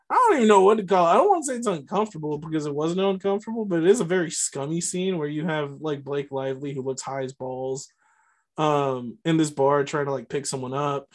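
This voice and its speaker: A podcast co-host rambles through a casual movie recap, sounding a little high, with lots of fillers and restarts.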